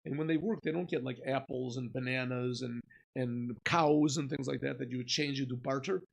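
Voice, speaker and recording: Gravelly rabbi telling a parable. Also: male voice, medium pitch, a little fast, rough recording. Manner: animated storyteller, acting out dialogues. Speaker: rabbi teaching Chassidus. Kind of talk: lecture with acted-out parable.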